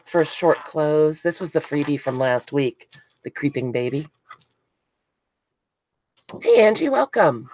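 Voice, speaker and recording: A woman's voice: deep voice, expressive, slow, pauses often, darkish tone, a little hiss or hum. A woman hosting a craft live stream, chatting casually with viewers and gushing with frequent giggles. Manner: giggly, gushing, reads out chat names.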